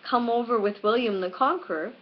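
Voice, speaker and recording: A woman's voice: on the high side, fairly quick, lightly acted. A woman voicing a polite, eager little girl who chatters earnestly and rambles on, from a dull lo-fi webcam recording.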